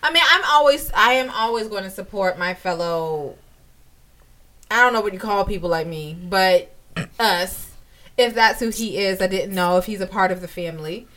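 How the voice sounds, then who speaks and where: A woman co-hosting a podcast, defending herself in lively, laughing banter. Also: medium pitch, normal speed, distant mic. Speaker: podcast co-host. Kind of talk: casual banter.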